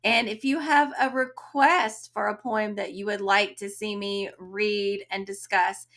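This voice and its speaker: A young woman hosting a poetry channel, reading a poem aloud and explaining it in a slow, explanatory way. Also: medium pitch, steady tone, a bit bright.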